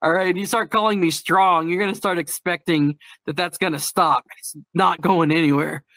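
A man's voice: high-pitched, steady tone, moderate pace, pushed and bright, no echo. A man with a slightly raised voice chats in a candid, darkly humorous way, often laughing as he tells a story. The sound is dry and close, with no room around it. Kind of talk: casual chat.

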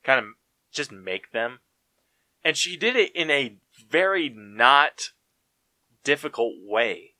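Male podcast co-host, unhurried slangy rambler, dry close mic. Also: medium pitch, sing-song, sharp tone, no room sound. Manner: rambling, laid-back, full of fillers and slang. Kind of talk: casual chat.

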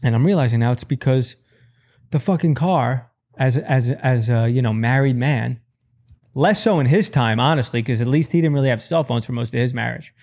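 A man's voice: mid-range voice, moderate pace. A man in his thirties doing a stand-up comedy set, telling rambling, profane stories and jumping his voice up to act out quotes. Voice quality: profane, rambling storytelling with animated voice jumps.

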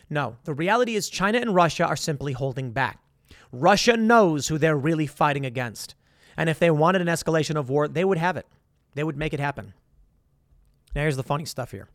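A man's voice: on the high side, expressive, moderate pace, pauses often, a bit bright, no room sound, studio quality. A man delivering blunt, sarcastic political commentary in a monologue.

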